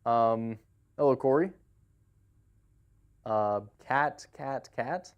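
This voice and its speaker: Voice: medium pitch, moderate pace, long pauses, lo-fi sound. A live game streamer in casual chat, greeting viewers by name and laughing easily.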